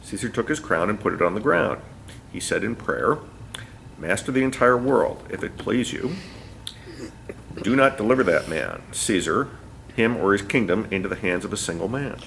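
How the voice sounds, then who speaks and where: Male student reading aloud in a class, low gravelly voice, steady and measured. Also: a little hiss or hum. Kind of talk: reading text aloud, adding remarks.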